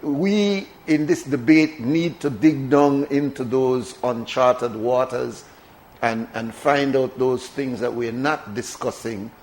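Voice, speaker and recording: A man's voice: medium pitch, slow pace, low-quality recording. A man with a Belizean accent hosting a morning radio talk show, chatting casually and repeating words for emphasis. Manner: conversational, emphatic with repetition.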